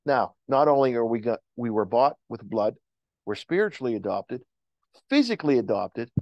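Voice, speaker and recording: A man's voice: mid-range voice, animated, moderate pace, dry recording, dull audio. A male pastor preaching a sermon in church, with impassioned rises and calls to the congregation. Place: church sanctuary.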